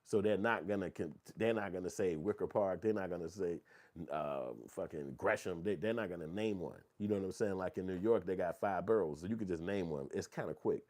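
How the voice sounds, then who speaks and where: A middle-aged man, telling stories in casual, profane commentary and reading viewer comments. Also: fairly quick. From Chicago. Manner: profane, animated storytelling, acts out quotes in a high voice. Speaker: channel host.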